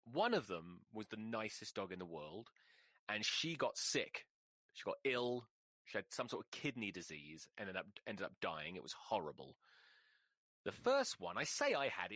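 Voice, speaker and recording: Lowish guy with a sharp bright voice, swears a lot, rambles, dry close mic. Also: no room sound. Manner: rambling, profane, darkly joking. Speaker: podcast host. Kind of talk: casual monologue.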